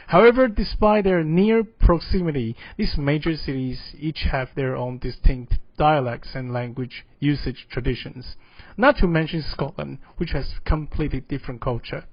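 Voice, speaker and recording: A man's voice: mid-range voice, no room sound. Man lecturing, with frequent "okay?". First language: Mandarin. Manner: frequent "okay?" checks, hesitant fillers. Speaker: university lecturer. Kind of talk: classroom mini-lecture. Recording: dull, dry classroom audio.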